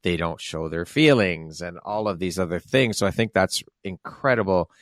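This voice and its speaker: A man's voice: low-pitched, lively intonation, moderate pace, dry recording, clean studio sound. A man hosting an interview podcast, asking questions and affirming his guest, often laughing along. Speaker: podcast host.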